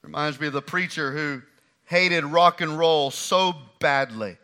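A man preaching a sermon, driving home repeated phrases and swinging from hushed lines to shouted ones. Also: on the high side, measured pace, clear, resonant tone. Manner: repeats and drives key phrases.

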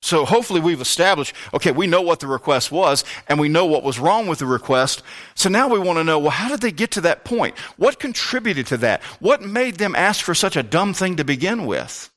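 A man's voice: a little high, sing-song, fairly quick. Impassioned preacher man. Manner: impassioned preaching, rising to near-shouts, rhetorical questions. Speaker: pastor. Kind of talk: sermon.

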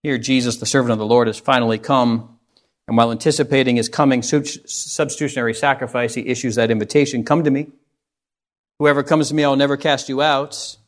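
A man's voice: mid-range voice, steady tone, quick pace. A man preaching a sermon, earnest and putting rhetorical questions to his listeners.

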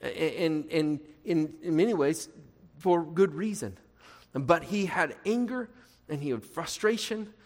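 A man's voice: a little high, expressive, measured pace. A man preaching a sermon in an earnest, conversational way, asking his listeners rhetorical questions and adding playful asides. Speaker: pastor. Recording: reverberant hall.

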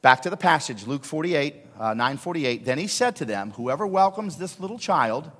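A man, a pastor, preaching a sermon and quizzing the congregation with quick questions. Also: on the high side, expressive, a bit bright. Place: church sanctuary. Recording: church service recording with long hall reverb.

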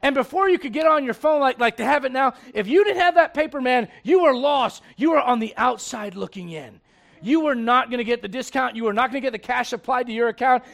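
Middle-aged guy pastor, really high voice, jokey sermon, gets loud then goes quiet. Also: brisk, vocal fry. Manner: humorous, conversational, swings from loud to hushed.

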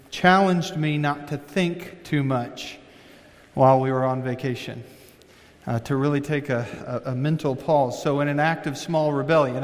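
A man preaching a sermon as a visiting pastor, speaking conversationally and then building to emphatic points. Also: fairly high pitch. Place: church sanctuary. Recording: long reverb from a large hall.

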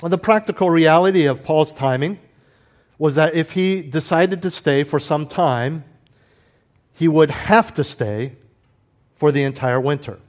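A man preaching a sermon, earnest, building emphasis on key points and dropping to quiet explanatory asides. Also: fairly high pitch, unhurried. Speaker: pastor.

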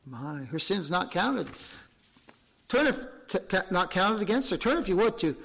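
High-voiced preacher, fervent and emphatic. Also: male voice, sing-song, measured pace, gravelly, a bit bright, husky. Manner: fervent preaching with rhetorical questions and emphatic repetition. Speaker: pastor. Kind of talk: sermon.

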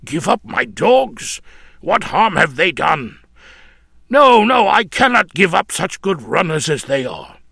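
A man voicing a distressed rough male gambler who pleads and protests in slow, imploring cries. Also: sits high, sing-song, bright, forceful tone, dry recording, studio quality, pitched above the performer's own voice, heavily acted. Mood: protesting.

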